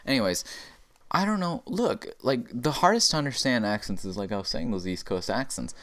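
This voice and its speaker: A man rambling through a profane comedic rant, drifting from mumbled asides to loud, emphatic bursts. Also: mid-range voice, lively intonation, brisk. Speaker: podcast comedian.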